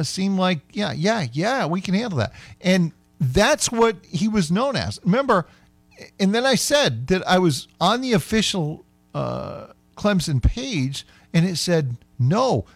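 Lively, chatty male sports radio host. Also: sits high, creaky, no room sound. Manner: playful, chatty, repeats words slowly. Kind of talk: casual sports talk.

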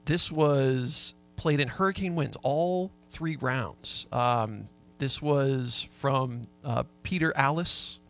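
A man's voice: mid-range voice, takes it slowly, hardly any pauses, fairly bright tone, soft background music. A man co-hosting a sports talk radio show, easygoing, sharing researched facts with hesitant fillers. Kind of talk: casual sports radio chat.

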